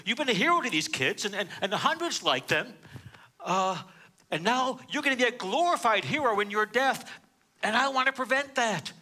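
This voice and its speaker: A man voicing an earnest prison priest, pleading in a low, grave tone. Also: expressive, normal speed, pushed and bright, full character voice.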